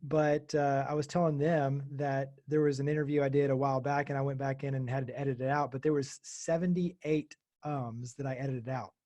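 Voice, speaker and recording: A man's voice: mid-range voice, level tone, fairly quick, dark tone. A man who hosts a podcast and radio show, chatting upbeat during a webinar. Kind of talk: casual webinar comment.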